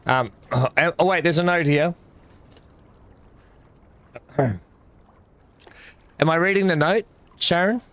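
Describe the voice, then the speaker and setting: A man's voice: fairly high pitch, takes it slowly, long pauses, fairly bright tone. A man chatting casually while unboxing gifts, muttering asides and talking to his dog. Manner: muttering asides, frequent throat clearing. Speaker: gaming video creator.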